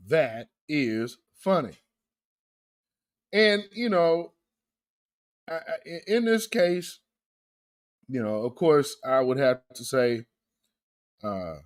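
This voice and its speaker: Guy hosting a commentary show, slow drawl, lots of ums. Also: mid-range voice. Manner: slow, drawling, loose with fillers. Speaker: commentary host. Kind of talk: casual commentary.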